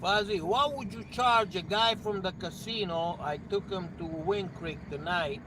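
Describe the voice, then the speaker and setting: A man's voice: sits high, measured pace, background noise. A man chatting briefly and giving directions from a car. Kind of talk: casual chat.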